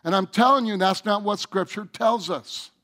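A man's voice: high-pitched, normal speed, sharp tone. A male pastor preaching a sermon, speaking emphatically and addressing the congregation directly.

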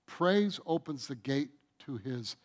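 A middle-aged man preaching a sermon, stretching out his phrases and swinging between booming emphasis and hushed asides. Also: expressive, slow.

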